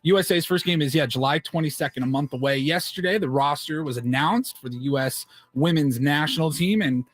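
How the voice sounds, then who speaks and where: A man hosting a sports radio show, running through news items in a relaxed way with frequent fillers. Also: a little high, fairly quick, hardly any pauses, no room sound. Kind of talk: casual sports radio chat.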